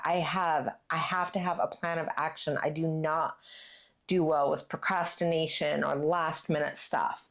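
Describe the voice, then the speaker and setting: A woman's voice: low voice, measured pace. Woman chatting while she crafts, hosting her channel, lots of ums and likes, easygoing. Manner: chatty, plans ahead, lots of fillers. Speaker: channel host. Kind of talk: casual chat while crafting.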